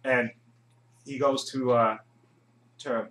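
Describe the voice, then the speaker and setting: A man giving a casual, rambling movie review monologue, chuckling often and filling pauses with "uh". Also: mid-range voice, fairly even intonation, fairly bright tone. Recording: echoey room.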